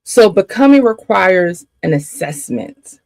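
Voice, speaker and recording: A woman's voice: on the low side, big pitch swings, takes it slowly, vocal fry, a little mellow, no echo. A woman faith coach giving a spirited teaching, repeating phrases for emphasis and laughing often.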